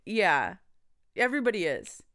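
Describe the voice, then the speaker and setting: A woman's voice: mid-range voice, huge pitch swings, normal speed, fairly bright tone. A woman co-hosting a podcast, casually telling a story, quoting people and laughing often. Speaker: podcast co-host.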